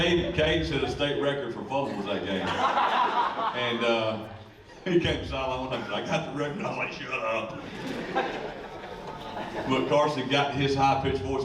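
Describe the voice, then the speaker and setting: A man, a high school football coach giving a rambling, joking ceremony speech. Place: school event room. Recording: echoey room, distant mic, faint noise.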